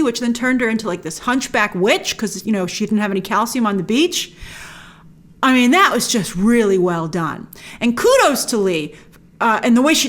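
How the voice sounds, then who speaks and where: A woman hosting a casual spoken film review, animated and emphatic, with frequent restarts. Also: on the high side. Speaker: movie review host.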